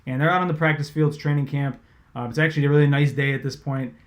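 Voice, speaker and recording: A man, a sports reporter, casually telling an animated, swear-laced story about his job. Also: fairly high pitch, fast. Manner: animated, conversational, swears freely.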